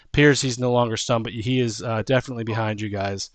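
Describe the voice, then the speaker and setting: A man's voice: medium pitch, fairly even intonation, fast talker, no echo. A man running a tabletop game as dungeon master, hesitant with lots of ums.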